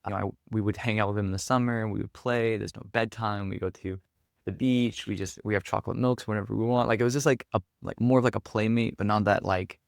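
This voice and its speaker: A man's voice: on the low side, fairly even intonation, fast, creaky, dry recording, studio quality. A man, a podcast guest, telling a personal story candidly and reflectively, with many filler words. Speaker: podcast guest, performance coach.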